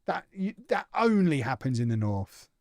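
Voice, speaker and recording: A man's voice: medium pitch, sing-song, moderate pace, a little mellow, no echo. Teasing young male game streamer, dry sound. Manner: playful, teasing banter reading out chat. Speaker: live-stream host. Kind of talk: casual live-stream chat while gaming.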